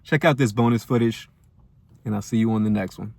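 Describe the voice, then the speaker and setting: A man's voice: fairly low pitch, a little fast, gravelly, a little mellow. A man hosting a commentary channel, delivering a firm, preachy reaction rant. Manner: firm, preachy, building emphasis.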